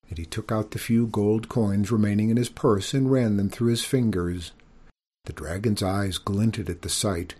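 A man reading a children's story aloud, expressive and giving each character a voice. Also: fairly low pitch, moderate pace, husky.

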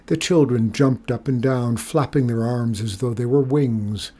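Husky man reading a storybook. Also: medium pitch, unhurried, hardly any pauses, warm tone. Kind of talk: storybook read-aloud narration.

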